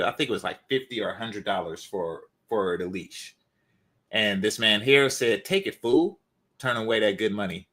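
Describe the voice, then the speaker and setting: Male host, lowish voice, casual rambling commentary, fighting off a cold. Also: a bit bright. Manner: rambling, conversational, many fillers. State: developing a cold. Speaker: channel host.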